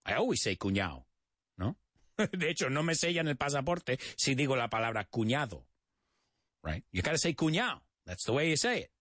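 A man's voice: mid-range voice, animated, fast, a bit bright, dry recording, studio quality. An American man hosting a radio show, teaching English in a playful, jokey manner and mixing in Spanish explanations. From United States.

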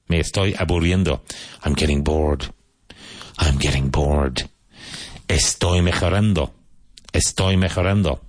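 A man from Cork, Ireland, teaches English phrases to Spanish speakers, repeating each model sentence slowly and deliberately. His voice is low and the recording has no echo.

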